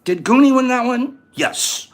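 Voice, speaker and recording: A man's voice: extremely high pitch, animated, measured pace, slight background noise. A man hosting a casual livestream, explaining each step as he goes and reading viewers' answers aloud in a chatty way. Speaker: livestream host. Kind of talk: casual livestream chat and how-to.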